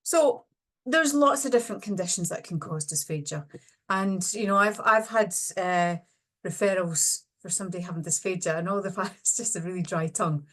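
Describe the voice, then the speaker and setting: A woman's voice: fairly low pitch, moderate pace, a bit bright. A middle-aged woman, a speech and language therapist, presenting an online webinar lecture and walking through slides with practical clinical examples.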